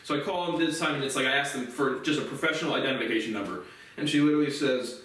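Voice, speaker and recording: A man's voice: mid-range voice, very fast, a bit bright. A man giving a profane, aggrieved solo monologue full of restarts and repeated words. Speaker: host of a solo commentary series. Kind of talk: casual rambling monologue. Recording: very echoey room, voice from a distance off the mic.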